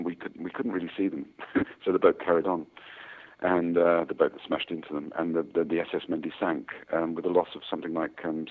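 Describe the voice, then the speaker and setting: A man in his sixties, an actor talking about his work in a casual interview, rambling with many fillers and restarts. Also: low-pitched. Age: 60s. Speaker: actor guest. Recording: tinny phone-like sound.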